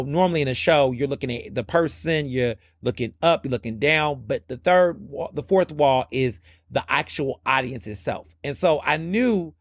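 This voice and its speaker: A man hosting a podcast, recapping a reality show in casual, animated commentary and slipping into the voices of the people he quotes. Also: medium pitch, no echo, studio quality. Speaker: podcast host.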